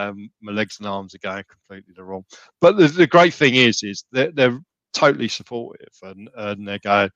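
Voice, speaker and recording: A man's voice: mid-range voice, moderate pace, fairly bright tone, dry recording, dull audio. A man talking casually as a podcast guest, rambling with many restarts and fillers. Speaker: gym client and podcast guest.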